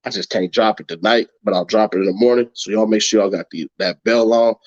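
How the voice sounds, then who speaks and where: A man's voice: lowish voice, brisk. A man hosting a late-night livestream, ranting profanely and mockingly at critics, laughing often. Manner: brash, mocking, laughs a lot. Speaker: livestream host. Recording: dull lo-fi stream audio.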